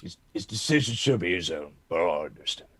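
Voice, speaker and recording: A man playing a tabletop game, joking and theatrical, with a gravelly, husky voice. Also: expressive, brisk, crowd noise. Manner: joking, theatrical, swoops in pitch. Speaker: player.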